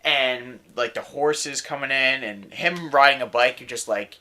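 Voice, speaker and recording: A man's voice: medium pitch, a little slow, pushed and bright. A young man co-hosting a casual film review podcast, rambling enthusiastically with lots of "like" and "dude". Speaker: podcast co-host.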